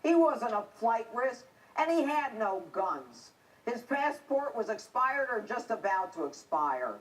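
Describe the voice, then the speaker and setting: Middle-aged woman host, ex-cop, emphatic and combative in her opening commentary; animated delivery, voice a little off-mic. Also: a little high, a little slow, far from the mic, rough recording. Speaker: TV show host, former police officer. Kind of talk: scripted opinion monologue.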